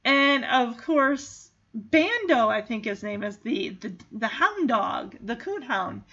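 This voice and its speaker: Woman, casual movie recap, chatty and giggly, slightly high voice, dull lo-fi sound. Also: sing-song, slow, fairly bright tone, slightly rough. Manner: chatty, giggly, acts out lines. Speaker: movie reaction vlogger. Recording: dull lo-fi audio.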